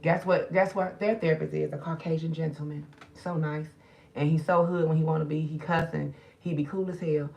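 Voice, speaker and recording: Grieving and subdued, a middle-aged spiritual reader chats casually with her livestream audience in a low, steady voice with vocal fry and a slightly mellow quality. She talks fairly quickly, addressing viewers loosely and directly.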